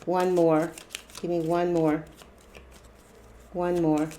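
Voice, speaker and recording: This tarot reader has a lowish, warm voice that barely moves in pitch, and she speaks slowly. She addresses her viewers directly in a relaxed reading, using fillers and often saying "wow" and "interesting." A faint hiss or hum can be heard.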